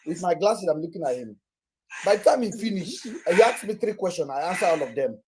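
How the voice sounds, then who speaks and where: A Nigerian man holds forth in a casual chat, blunt and boastful, swearing freely as he tells his stories. His voice sits at a middle pitch with a husky, slightly breathy edge. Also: big pitch swings, fairly quick, darkish tone. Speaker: podcast host.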